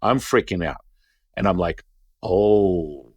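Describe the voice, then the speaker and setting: A middle-aged man telling a story in casual conversation, animated, acting out the voices of the people he quotes. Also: on the low side, moderate pace, dry recording, muffled recording. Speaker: Taoist teacher, interview guest.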